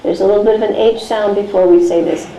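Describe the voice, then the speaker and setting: A woman teaching a class, slowly dictating phonics sounds for a test and explaining how each is said. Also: mid-range voice, fairly even intonation, warm tone, reverberant, a little hiss or hum, rough recording. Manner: slow, deliberate dictation of sounds.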